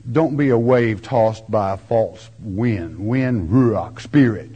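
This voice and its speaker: An older man preaching a folksy verse-by-verse sermon, with homespun turns of phrase and slow, drawn-out emphasis. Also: on the low side, warm tone, slightly rough, highs cut off. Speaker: preacher teaching scripture.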